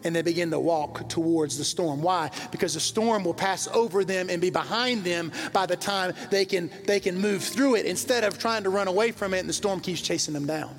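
A middle-aged man preaching in a big church hall, his voice high and gravelly with fry. He tells his stories plainly, then climbs into fervent, rising intensity. Long reverb trails off each phrase, and soft music plays underneath. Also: brisk, hardly any pauses. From American South. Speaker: pastor. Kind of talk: sermon.

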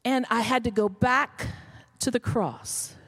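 A woman's voice: on the high side, slow, a bit bright, slightly rough. A middle-aged woman pastor, telling a story in a sermon that builds to emphatic calls.

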